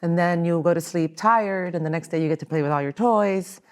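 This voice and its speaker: A woman hosting a podcast, quick to laugh in casual chat. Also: fairly low pitch. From Colombia. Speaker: podcast host.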